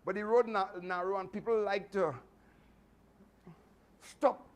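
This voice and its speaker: A man with a Trinidadian accent, telling animated, chatty stories to a martial arts class with laughing asides. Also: high-pitched, a little slow. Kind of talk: storytelling speech to a class.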